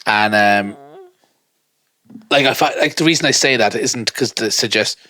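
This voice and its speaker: A man co-hosting a podcast, chatting casually and teasingly, at times jumping into high silly voices. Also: moderate pace, sharp tone, no room sound, clean studio sound. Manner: jokey, teasing, breaks into squeaky high impressions. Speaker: podcast co-host. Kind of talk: casual chat.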